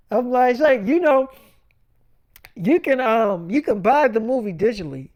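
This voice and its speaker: A man's voice: very high-pitched, lively intonation, moderate pace, a little mellow, no room sound. A man spinning a long, loose, made-up story about his weekend. He swears casually and acts out both sides of each exchange. His voice is close and dry, with no room sound. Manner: casual and profane, quoting himself and others with "I'm like, she's like". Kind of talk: rambling made-up story, acting out both sides of phone calls.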